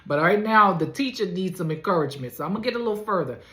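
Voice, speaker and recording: A woman voicing a troubled man praying in anguish, in a halting, pleading way, in an echoey room. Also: lowish voice, animated, sharp tone. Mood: shaken.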